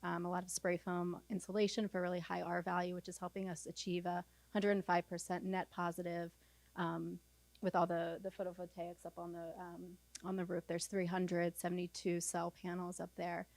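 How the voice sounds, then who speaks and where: Flat lowish woman explaining building details. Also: moderate pace, no room sound. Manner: technical, with fillers. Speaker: architect presenter. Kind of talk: conference presentation.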